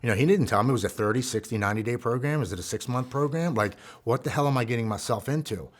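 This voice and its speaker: A man in his forties telling his own recovery story in an earnest, emotional way, dropping to a hushed voice at the heavy moments. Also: mid-range voice, fast talker. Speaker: guest speaker.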